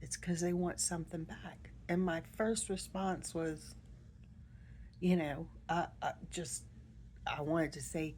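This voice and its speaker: A middle-aged woman speaks in a soft, emotional personal monologue, pausing often and drifting now and then into a near whisper. Her voice sits fairly low and mellow, and her pace is very slow. Faint background noise sits behind her. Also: fairly even intonation. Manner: soft-spoken, emotional, halting with many pauses. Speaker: vlogger.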